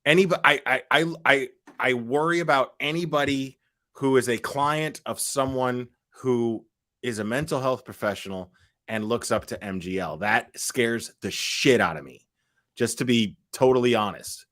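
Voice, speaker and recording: A man's voice: mid-range voice, normal speed, a bit bright. A man co-hosting a casual livestream chat, joking and exaggerated, with a profane streak. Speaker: co-host.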